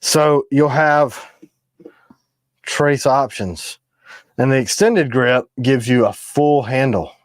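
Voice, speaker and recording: A man's voice: mid-range voice, slow pace, pauses often, no room sound. Chatty man, dry close sound. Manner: rambling, jokey, trails off mid-sentence. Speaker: knife maker and livestream host. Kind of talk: casual livestream chat.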